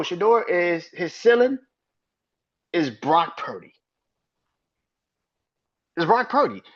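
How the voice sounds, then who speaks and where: Man, sports podcast host, heated profane rant, pitch swinging wildly, dull lo-fi recording. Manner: emphatic, argues with imagined critics.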